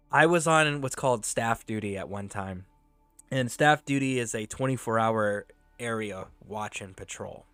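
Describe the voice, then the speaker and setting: A man's voice: on the low side, unhurried, pauses often, a bit bright, clean tone, dry recording, faint music behind. A man streaming a video game, chatting casually, laughing often and swearing freely as he tells stories. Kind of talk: casual live-stream chat with storytelling.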